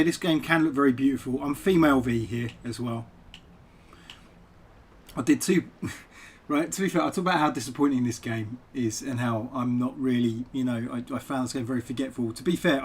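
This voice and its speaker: A man's voice: medium pitch, moderate pace, breathy edge. Chatty man rambling on a live stream. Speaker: poet and game streamer. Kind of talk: casual live-stream chat over gameplay.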